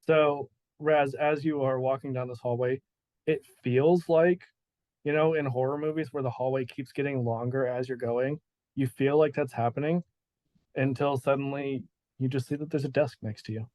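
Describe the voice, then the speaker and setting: A man's voice: medium pitch, steady tone, moderate pace, darkish tone, no room sound. Laid-back man as game master. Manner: laid-back, laughs often, many "like" fillers. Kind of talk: narrating a tabletop game.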